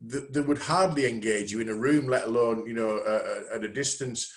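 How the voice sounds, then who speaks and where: A man's voice: mid-range voice, brisk. A man presenting a webinar on networking, chatty and self-deprecating over a video call. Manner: lively, conversational, self-deprecating.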